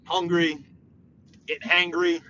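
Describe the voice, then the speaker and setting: A man's voice: on the high side, flat delivery, slow, bright, forceful tone, dull audio, a little hiss or hum. A man hosting a casual livestream from inside his car, getting over the flu, switching between mock-indignant outbursts and rambling thanks to his viewers. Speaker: livestream host. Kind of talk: casual live-stream chat while driving.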